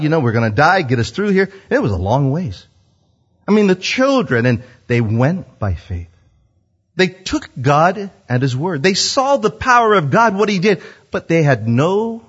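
A middle-aged man preaching a sermon, retelling scripture with animated storytelling and acted-out quotes. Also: a little high, husky. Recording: dull lo-fi sound.

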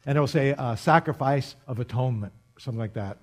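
A man preaching a sermon in an earnest, emphatic way, repeating key words for emphasis and swinging from hushed to loud. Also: medium pitch, quick pace. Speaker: pastor.

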